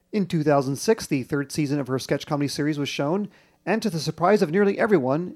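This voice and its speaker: A man hosting a television podcast, narrating in a measured, informative way. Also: on the high side, a little mellow. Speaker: podcast host. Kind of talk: scripted narration and chat.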